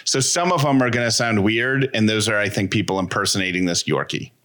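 A man's voice: on the low side, a little fast, fairly bright tone. A man co-hosting a podcast in casual, rambling, playful chat. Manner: rambling, playful, self-deprecating. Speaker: podcast co-host.

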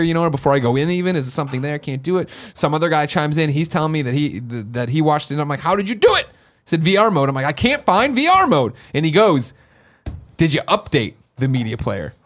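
A young adult man co-hosting a podcast, telling a story in excitable, animated casual chat. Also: a little high. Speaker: podcast co-host.

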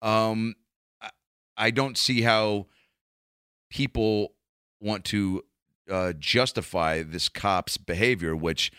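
Swearing comedian guy riffing, lowish voice with a bright edge, dry close sound. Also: fairly even intonation, slow, pauses often, clear, resonant tone, dry recording. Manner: profane, rambling, lots of restarts. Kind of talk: casual rambling monologue.

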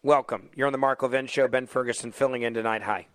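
A man's voice: medium pitch, steady tone, fast, a bit bright, clear, resonant tone, no room sound. A man hosting a talk radio show, mocking the news with heavy sarcasm and taking calls from listeners.

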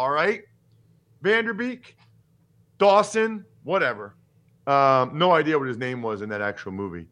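A man in his forties hosting a casual sports podcast, talking in an animated, emphatic and opinionated way with jokes. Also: medium pitch, measured pace, pauses often. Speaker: podcast host and former football player.

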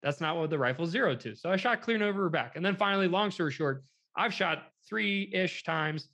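Young man telling a lively story. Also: high-pitched, a little fast. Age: young adult. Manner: animated, quotes people in a lively way, lots of "like". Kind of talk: casual storytelling chat.

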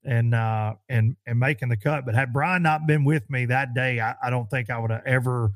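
A man chatting on a podcast, telling a fishing story with lively acted-out quotes. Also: moderate pace, dry recording, studio quality. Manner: animated storyteller, acts out quotes in a high voice. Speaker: pro bass angler. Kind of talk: casual podcast chat.

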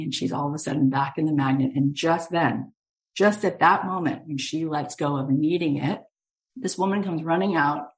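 A woman podcast host and coach, telling a story in an animated, emphatic way with lots of casual fillers. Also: sits low. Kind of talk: storytelling monologue.

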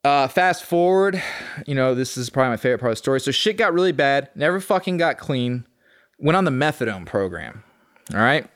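A man's voice: medium pitch, lively intonation, fairly quick, smooth, no echo, studio quality. A man, a podcast guest from Texas, recounting his past in a casual, profane, streetwise way. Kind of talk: casual storytelling.

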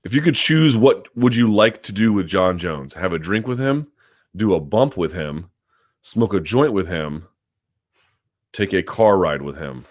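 Low-voiced man hosting a live chat. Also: lively intonation. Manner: talks quickly and hedges, lots of ums and restarts; reads viewer questions aloud, then answers at length. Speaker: host. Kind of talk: live chat answering viewer questions.

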